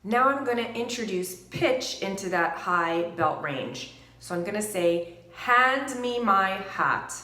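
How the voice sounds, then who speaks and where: A woman vocal coach calmly explaining singing exercises during a lesson, speaking in measured steps between demonstrations. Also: mid-range voice, echoey room.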